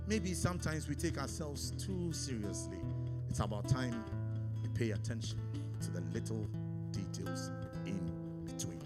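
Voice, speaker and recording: Ghanaian man reciting poetry over guitar. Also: medium pitch. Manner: rhythmic, declamatory, with dramatic pauses. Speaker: spoken word poet. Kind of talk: spoken word poetry performance. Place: live event in a hotel hall. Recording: live performance over loud guitar. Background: loud guitar music.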